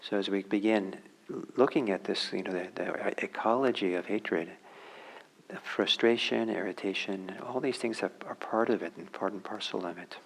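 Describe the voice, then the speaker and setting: A man giving a dharma talk as a meditation teacher. He speaks reflectively and haltingly, with many fillers and restarts, and drops to a soft near-whisper on key words. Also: on the low side, vocal fry, husky, rough recording. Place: meditation center hall.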